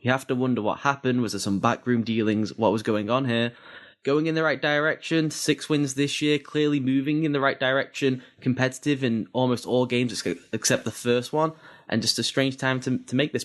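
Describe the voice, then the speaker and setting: A man co-hosting a sports podcast, giving analytical breakdowns in quick runs of detail with small restarts. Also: mid-range voice.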